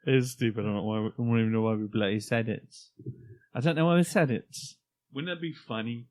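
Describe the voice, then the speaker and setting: A man's voice: medium pitch, darkish tone, no room sound. A man co-hosting a podcast, joking in casual banter and slipping into impressions. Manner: joking, quick impressions, chuckling. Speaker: podcast co-host.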